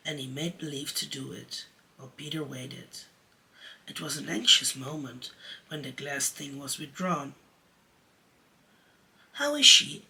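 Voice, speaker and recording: A man's voice: mid-range voice, fairly even intonation, vocal fry, pushed and bright, distant mic, a little hiss or hum, low-quality recording. A man who performs in drag, reading a children's classic aloud chapter by chapter as a storyteller. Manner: slow, deliberate reading.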